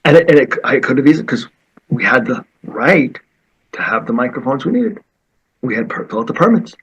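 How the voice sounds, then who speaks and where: A martial arts teacher telling stories in conversation, acting out the quoted voices with lively energy. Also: male voice, medium pitch, fairly quick, husky, rough recording. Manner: animated, acts out quoted voices. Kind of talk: storytelling in conversation.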